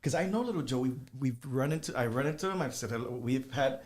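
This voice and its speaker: A man telling animated anecdotes, laughing at his own stories and slipping into Spanish. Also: mid-range voice, quick pace. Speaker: guest. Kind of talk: casual storytelling.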